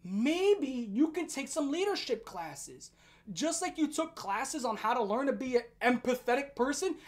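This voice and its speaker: A woman commentator in full rant mode, with a high voice that leaps all over the place. She swears freely, mocks her target and keeps the heat turned up throughout. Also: big pitch swings, unhurried. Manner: heated, profane, mocking. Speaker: online commentator.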